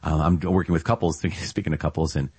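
A man's voice: extremely low pitch, flat delivery, a little fast, a little mellow, breathy edge, no room sound. A man preaching a conversational sermon on scripture readings, laughing lightly and checking in with the listeners. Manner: conversational, with laughs and tag questions. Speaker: priest.

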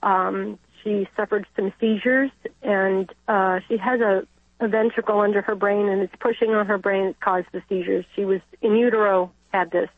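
A woman's voice: medium pitch, steady tone, normal speed, no room sound. An older woman calling in to a radio show, emotional and close to tears as she talks. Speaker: caller. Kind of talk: phone-in call. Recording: husky, dry, tinny phone line.

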